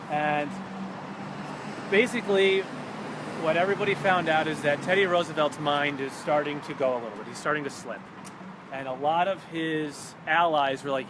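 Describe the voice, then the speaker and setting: A man with a fairly high voice tells local history on an outdoor walking tour. He talks in a casual, animated way and acts out the people in his story. Traffic and street noise run clearly behind him. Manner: animated, chatty, acts out quotes. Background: traffic and city ambience.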